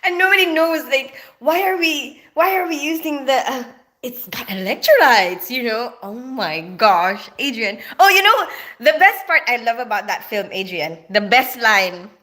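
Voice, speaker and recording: A woman's voice: on the high side, big pitch swings, measured pace, bright, forceful tone. A woman from the Philippines, chatting casually on a livestream, reading out comments in a rambling way and laughing often. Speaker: nurse and livestream host reading viewer comments.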